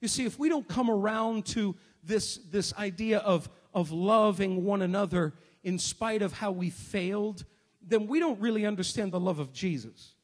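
A male preacher delivering a sermon, moving between quiet reflection and shouted exhortation. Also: high voice, moderate pace, big-room sound.

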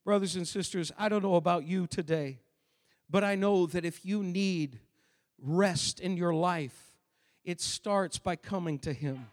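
A man with a very high voice preaches a sermon as pastor, his words trailing off into the long reverb of a large church hall. He drops into quiet, intimate asides, then rises to loud, emphatic declarations. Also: measured pace.

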